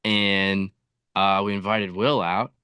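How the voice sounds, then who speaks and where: A man's voice: low voice, fairly even intonation, slow pace, bright, forceful tone, clear, resonant tone, no echo, clean studio sound. A man guesting on a podcast, telling his story in an easygoing way with lots of likes and you-knows. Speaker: podcast guest, content creator. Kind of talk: casual interview.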